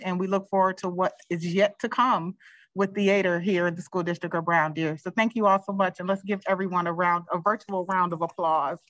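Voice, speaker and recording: A woman's voice: fairly low pitch, dry recording. Dry-sounding woman at a virtual meeting. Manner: warm, appreciative, with frequent fillers. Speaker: school district administrator presenting. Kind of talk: virtual board meeting remarks.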